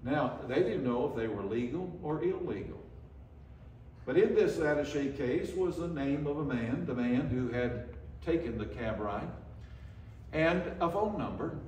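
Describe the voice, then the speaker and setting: A man's voice: fairly high pitch, expressive, measured pace, darkish tone, a little hiss or hum. An older man preaching a sermon in a church, telling stories in a folksy way with frequent restarts. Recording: echoey church room, from far off.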